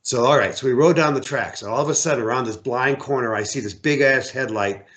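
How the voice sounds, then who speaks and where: Animated storytelling American man. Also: mid-range voice, fast talker. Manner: animated yarn-spinner, acts out quoted voices, repeats words. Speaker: outfitter and hunting guide, guest. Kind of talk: casual storytelling interview.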